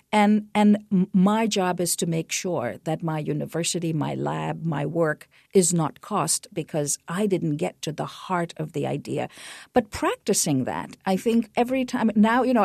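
Lower-pitched middle-aged woman, dry sound. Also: gravelly, dry recording. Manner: explanatory, animated, with frequent restarts. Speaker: guest researcher. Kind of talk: radio interview answers.

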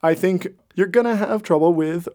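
A man speaking as an expert guest on a radio program, friendly and explanatory, with occasional fillers as he thinks. His voice sits slightly high for a man. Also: normal speed, darkish tone. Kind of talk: conversational interview.

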